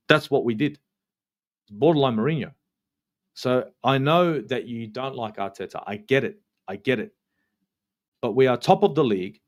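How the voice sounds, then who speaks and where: A man with an Australian accent hosting a heated football fan review, ranting, swearing often and repeating himself for emphasis. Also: medium pitch. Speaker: football channel host.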